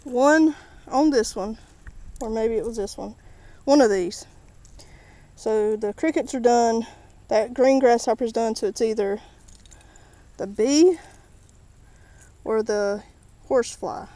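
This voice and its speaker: A woman's voice: fairly high pitch, takes it slowly, long pauses, warm tone, rough recording. A woman vlogging outdoors by the water, casually narrating each catch and chatting to the fish as she unhooks them. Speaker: fishing vlogger. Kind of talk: casual play-by-play while fishing.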